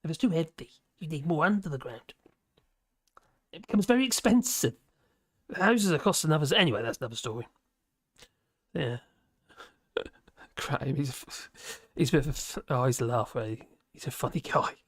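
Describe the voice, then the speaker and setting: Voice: medium pitch, expressive, normal speed, pauses often, husky, no room sound, clean studio sound. A livestream host, chatting casually and reading viewer comments in a rambling way, with many restarts and fillers. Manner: laughs often between remarks.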